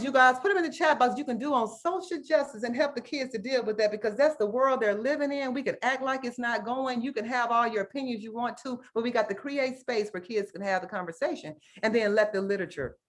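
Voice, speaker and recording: A woman's voice: a little high, a little fast, a bit bright. Earnest woman teacher presenting online. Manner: earnest, emotional, keeps asking "right?" and calls the audience "guys". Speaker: teacher giving a workshop talk.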